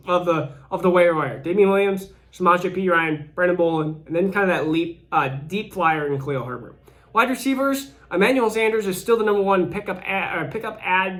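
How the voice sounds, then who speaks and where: A man's voice: sits high, fairly bright tone. Host, man in his thirties, casual solo commentary, short of breath, rambling delivery with restarts. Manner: rambling, frequent restarts and fillers. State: out of breath while recovering. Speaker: fantasy football podcaster.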